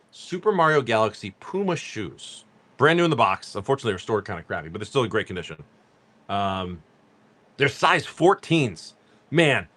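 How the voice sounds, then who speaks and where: A man's voice: fairly low pitch, sharp tone. A man chatting casually on a live stream, joking with viewers while he reads off cards. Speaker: card-break livestream seller.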